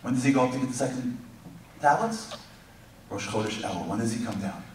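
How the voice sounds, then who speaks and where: Animated man speaking in an echoey hall. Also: mid-range voice, brisk, far from the mic, a little hiss or hum. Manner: animated storyteller, swings from loud to hushed. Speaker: guest speaker. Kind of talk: lively inspirational talk. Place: large congregation hall.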